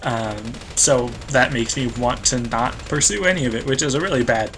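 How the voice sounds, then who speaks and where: A man's voice: medium pitch, moderate pace, background noise. A young American man rambling through casual gameplay commentary, self-deprecating and full of fillers and small laughs. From United States. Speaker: let's play host.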